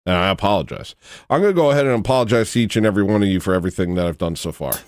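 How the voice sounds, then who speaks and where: A man's voice: on the low side, expressive, racing. A man hosting a casual livestream, rambling and joking at his own expense while thanking viewers. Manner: rambling, self-deprecating, goofy. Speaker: livestream host.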